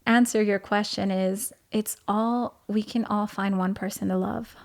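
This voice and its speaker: A woman's voice: medium pitch, fairly even intonation, measured pace. A woman who is a teaching pastor, telling a personal church story in casual chat, earnest and full of "like" fillers. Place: home.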